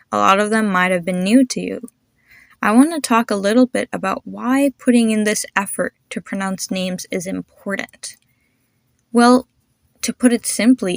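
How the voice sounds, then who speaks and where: A woman's voice: mid-range voice, vocal fry, no echo, clean studio sound. A young woman hosting a podcast, patiently teaching pronunciation and encouraging listeners to repeat after her. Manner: encouraging, patient, demonstrates sounds slowly. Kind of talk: instructional podcast.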